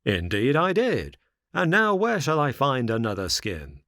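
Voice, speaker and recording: A man voicing a greedy grown man who buys a puppet, with a gruff, indignant manner. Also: medium pitch, wildly swooping pitch, unhurried, a bit bright, no echo, studio quality, pitched above the performer's own voice, exaggerated voice. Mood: demanding.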